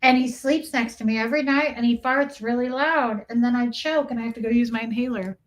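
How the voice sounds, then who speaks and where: A woman's voice: on the high side, brisk, natural voice, rough recording. A woman voicing her pet dog as a whiny, childish little boy who rambles through his complaints. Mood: doting. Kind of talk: livestream chat.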